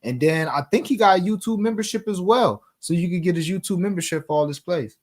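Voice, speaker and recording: A man's voice: high-pitched, quick pace. A man hosting a sports betting talk show, chatting casually in slang and reading viewer comments aloud.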